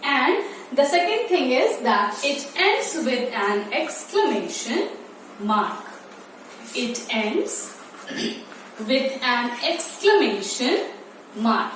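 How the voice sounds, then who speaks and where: A woman teaching an online English lesson to young children, repeating key words slowly and drawing them out. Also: high-pitched, very animated, a bit bright. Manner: slow, repetitive, stretching key words. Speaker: primary school English teacher. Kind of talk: online class lecture. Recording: distant, very echoey room with faint noise.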